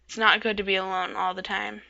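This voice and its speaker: A concerned parent scolding a withdrawn child, as a woman puts the part on. The voice is bright and a little gravelly, and the recording sounds dull and lo-fi. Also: mid-range voice, flat delivery, brisk. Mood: worried. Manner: lecturing, concerned.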